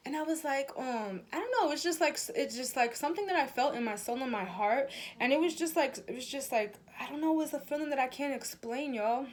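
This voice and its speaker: A woman's voice: high voice, brisk. A young adult woman giving a casual spiritual talk to her viewers, chatty and emphatic, swearing freely and calling her audience y'all. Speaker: spiritual reader and vlogger.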